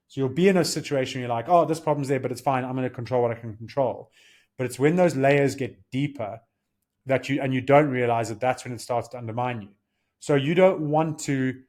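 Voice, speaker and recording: A podcast co-host in his thirties talks through ideas during casual chat, earnest and coaching, slipping into little quoted exchanges as he explains. His voice is at an ordinary middle pitch with a darkish tone.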